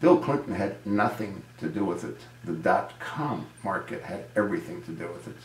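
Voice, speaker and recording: Man, low voice, indignant commentator who asks rhetorical questions; recorded in a roomy, echoey space. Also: lively intonation, moderate pace. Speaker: video commentator. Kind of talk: political commentary monologue.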